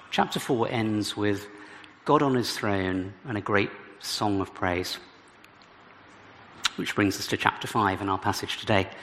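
Male preacher, lowish gravelly voice, expository sermon in a church hall with long reverb. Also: a bit bright. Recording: reverberant hall with faint background noise.

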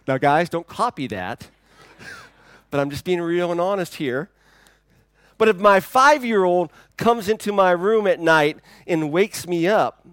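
Male pastor preaching a sermon, conversational, shifts from loud emphasis to near-whispers; a bit high-pitched, dry sound. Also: animated, a little slow, dry recording. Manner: conversational and dynamic, swinging from loud to hushed.

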